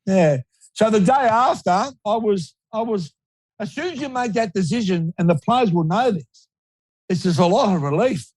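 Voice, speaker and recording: Older Australian ex-footballer guest, rambling and repetitive, a bit high-pitched, dry sound. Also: male voice, darkish tone, no echo, poor audio. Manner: rambling, repeats words, laughs easily. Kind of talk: casual storytelling interview.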